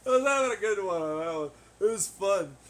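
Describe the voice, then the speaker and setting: A man hosting a podcast in a rambling, casual monologue, swearing freely, laughing often and getting loud when excited. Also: sits high, a little fast. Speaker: podcast host. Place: at home on laundry day.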